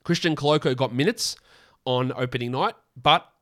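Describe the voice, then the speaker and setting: A hoarse man hosts a solo fantasy basketball podcast in a middle-pitched voice. He talks in a loose, opinionated ramble and often stops to correct himself mid-sentence. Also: moderate pace, a bit bright. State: hoarse from a lost voice.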